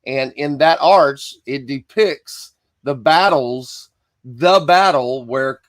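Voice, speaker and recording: A man talks his way into a live-streamed Bible study in a loose, rambling way. He stops to greet viewers by name and drifts into asides. His voice sits in an ordinary middle pitch and sounds dry and close, with no room around it. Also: takes it slowly, a bit bright, dry recording. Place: Michigan.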